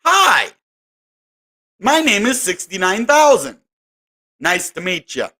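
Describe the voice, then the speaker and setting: A man's voice: high-pitched, huge pitch swings, slow pace, bright, forceful tone, voice pushed up, heavily acted. A man voicing Bitcoin's price as a chirpy character introducing itself with singsong greetings.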